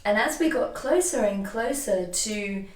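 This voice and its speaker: Animated woman telling a story in an echoey room. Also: mid-range voice, measured pace, far from the mic. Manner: animated, emotional storyteller, frequent restarts. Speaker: guest, energy healer. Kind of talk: casual conversation, personal storytelling.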